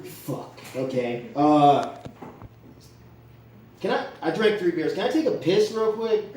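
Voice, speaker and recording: A young man doing a rambling, profane stand-up set on stage, with lots of fillers and a deadpan delivery. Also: a little high, slow pace, a little hiss or hum. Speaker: stand-up comedian. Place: comedy club stage. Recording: echoey club from far off, crowd laughing. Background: audience laughter.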